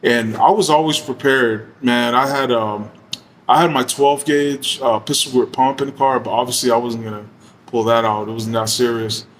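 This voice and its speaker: Laid-back man telling a rough story. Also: mid-range voice, steady tone, normal speed, slight background noise. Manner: laid-back, slangy and profane, heavy use of fillers. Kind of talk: casual storytelling.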